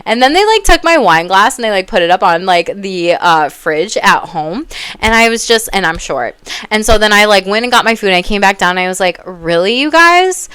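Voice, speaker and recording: A woman talking to her viewers in an animated, blunt, rambling way, swearing freely and slipping into tangents. Her voice is smooth and clear, and it sounds dry and close with no room around it. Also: mid-range voice, fairly quick, dry recording. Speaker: psychic and life coach. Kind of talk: casual monologue to viewers.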